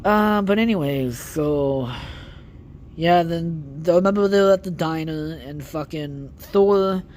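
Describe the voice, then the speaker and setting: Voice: mid-range voice, slow pace, darkish tone, slight background noise. A podcast host giving a casual, rambling movie recap, with heavy swearing and lots of filler words.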